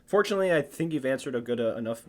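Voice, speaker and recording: A man's voice: mid-range voice, animated, racing. A man hosting a casual interview, hesitant and stumbling, laughing and swearing casually. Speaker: podcast host.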